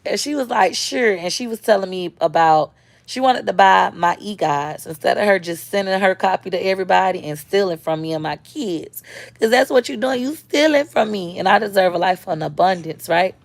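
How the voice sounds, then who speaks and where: Speaking fairly quickly in a fairly low voice, a social media creator responds to viewer comments during a live stream. Her manner is casual and blunt, and the recording has no room sound.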